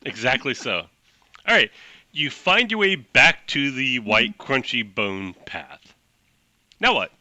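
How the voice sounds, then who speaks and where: A man running a tabletop game as game master, narrating in an animated, loose way. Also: mid-range voice, takes it slowly, dry recording. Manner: animated, loose, full of fillers.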